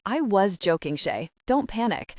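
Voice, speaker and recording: A woman's voice: medium pitch, big pitch swings, a little slow, a little mellow, no room sound, studio quality. Woman voicing a teasing young cowboy. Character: steady young male cowboy, teasing and patient.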